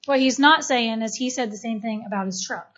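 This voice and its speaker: Casting: eager, chatty woman with a higher voice, giving her testimony on a dull lo-fi recording. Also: brisk, fairly bright tone. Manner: chatty, eager, full of fillers. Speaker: missionary and doula sharing her testimony. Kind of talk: personal testimony to a gathering.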